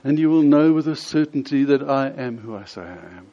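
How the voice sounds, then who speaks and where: A preacher voicing an earnest, pleading teacher. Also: male voice, medium pitch, animated, fairly quick, lightly acted. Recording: slightly dull lo-fi sound.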